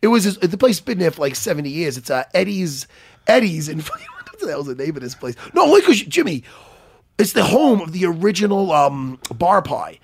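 A man's voice: a little high, big pitch swings, a little fast, creaky, slightly rough, no room sound. A man, co-hosting a casual podcast chat, telling stories animatedly, laughing and swearing often. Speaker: podcast co-host.

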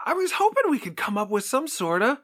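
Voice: high voice, big pitch swings, a little fast, a bit bright. Dry laid-back comedy podcast co-host. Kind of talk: casual comedy podcast chat.

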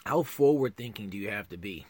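A man hosting a podcast, delivering a profane comedic rant that swings between loud outbursts and low mutters. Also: animated, brisk, no echo.

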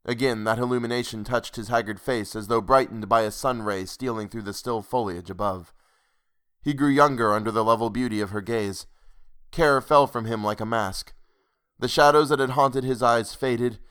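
A man narrating a classic ghost story in a measured, unhurried reading. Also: medium pitch, fairly bright tone, clean tone.

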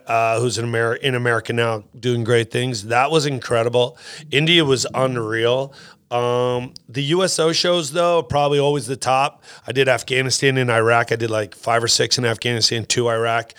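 A man's voice: mid-range voice, smooth. A middle-aged man, a comedian, chatting casually on a podcast and telling war-zone show stories, acting out other people's voices. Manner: animated storyteller, acts out quoted voices. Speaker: comedian guest.

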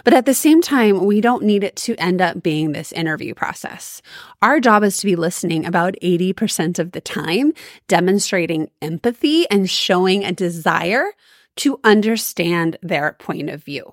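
A woman's voice: on the low side, lively intonation, moderate pace, no echo. Upbeat woman podcast host, dry close sound. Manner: upbeat, emphatic, coaching tone. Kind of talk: solo podcast coaching talk.

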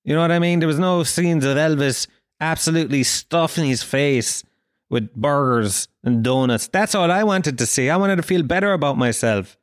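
A man's voice: a little high, moderate pace, no room sound, clean studio sound. A man hosting a comedy podcast, ranting in a profane, self-mocking monologue. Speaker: podcast host.

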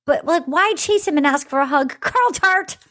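Woman host, high bright pitch, very lively swings, acts out quotes. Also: normal speed. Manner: animated, acts out quotes, laughs loudly. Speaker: podcast host. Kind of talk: casual recap chat.

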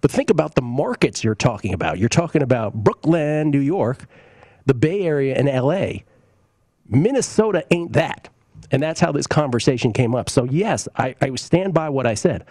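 A man's voice: medium pitch, mellow, no room sound, studio quality. A man hosting a sports betting talk show, giving opinionated, conversational takes on games and bets with plenty of fillers and asides. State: coughing, briefly choked up. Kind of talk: casual sports betting talk, reading listener tweets.

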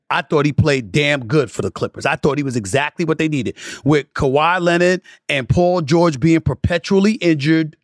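A man hosting a sports talk podcast, delivering an emphatic commentary monologue that climbs into passionate lists and drops into low, muttered asides. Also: fairly bright tone, no echo, clean studio sound. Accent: New York. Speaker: podcast host.

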